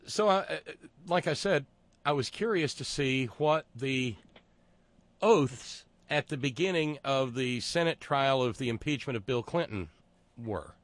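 A man's voice: mid-range voice, expressive, measured pace, no room sound. A man talking through a casual monologue, sarcastic and digressive, often stopping to restart his sentences.

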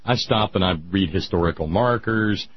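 A man hosting casual radio talk who rants loudly and slips into nerdy asides. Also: on the low side, normal speed, slight background noise. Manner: ranting, animated, nerdy asides. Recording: dull lo-fi radio sound.

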